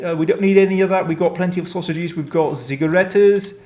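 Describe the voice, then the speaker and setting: A man talks his way through a game, rambling and poking fun at himself as he goes. His voice sits a little higher than most men's. Every so often he breaks into panicked outcries. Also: fairly quick, a little mellow. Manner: chatty, rambling, self-mocking. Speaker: let's play host. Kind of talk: gameplay commentary.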